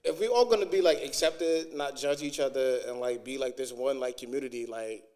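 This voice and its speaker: A man's voice: medium pitch, brisk, a little mellow. A man co-hosting a casual podcast, asking questions in a laid-back, slangy way. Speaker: podcast co-host.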